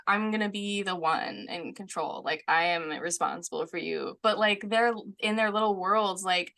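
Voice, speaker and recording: A woman's voice: medium pitch, fairly bright tone. A woman from the United States, a guest chatting casually, with many "like" fillers and frequent laughs. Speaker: author guest. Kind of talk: casual conversation.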